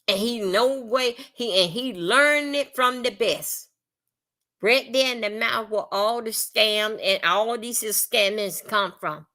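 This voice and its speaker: Speaking slowly in a fairly high, pushed and bright voice, this Florida woman with a Southern accent delivers a live-stream commentary rant. She's blunt and profane, rambling on and saying the same things more than once.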